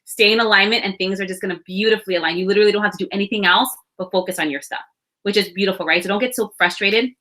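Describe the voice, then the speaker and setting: Woman in her thirties, tarot reader, bright tone; chatty, reassuring delivery straight to camera. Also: medium pitch, very fast. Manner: chatty, reassuring, laughs and sighs between thoughts. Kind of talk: casual spiritual reading.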